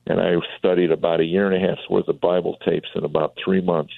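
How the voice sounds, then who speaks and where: Gravelly deep-voiced man telling a story. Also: a little fast, no echo. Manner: animated storyteller acting out quoted voices. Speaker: comedian and author guest. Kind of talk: talk radio interview, storytelling. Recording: tinny phone line.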